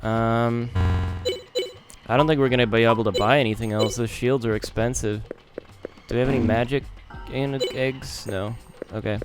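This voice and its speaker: A man's voice: mid-range voice, fairly even intonation, moderate pace. A man giving casual, musing commentary as he plays a game, now and then swearing, over game music. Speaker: let's play host.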